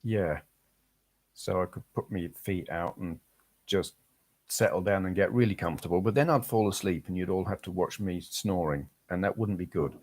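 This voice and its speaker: At a normal speed, a very deep-voiced Englishman chats casually on his stream, meandering across topics and answering what viewers write, all in a relaxed, rambling way.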